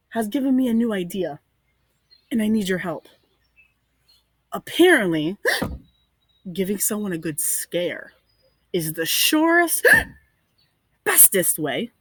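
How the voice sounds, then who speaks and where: Hiccuping young penguin boy, fretful, gasps between words , voiced by a woman; slow, breathy. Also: medium pitch, no echo, heavily acted. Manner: gasping hiccups mid-sentence. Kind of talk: read-aloud story voice for children.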